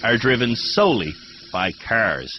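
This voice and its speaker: A man's voice: fairly low pitch, very animated, unhurried, noisy background. A man narrating a reality driving show in a wry, dryly sarcastic way. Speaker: host and narrator. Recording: dull lo-fi TV audio with music.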